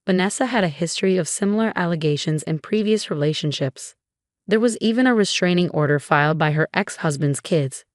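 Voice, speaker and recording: A woman reading a dramatic first-person story as a scripted narration, in an even storytelling manner. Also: fairly low pitch, fairly quick, no room sound, studio quality.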